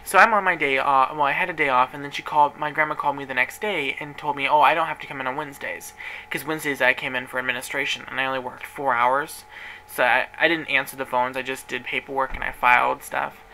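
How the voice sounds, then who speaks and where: A man's voice: mid-range voice, fairly even intonation, quick pace, bright, forceful tone, slight background noise, low-quality recording. A young man telling a personal story in an emotional, rambling way, with many restarts. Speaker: vlogger.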